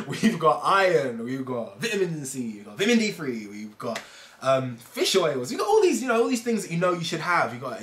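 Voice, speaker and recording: A man's voice: a little high, a bit bright. A man talking casually to camera as a fitness vlogger, rambling and fond of analogies. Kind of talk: casual explainer monologue. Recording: echoey room.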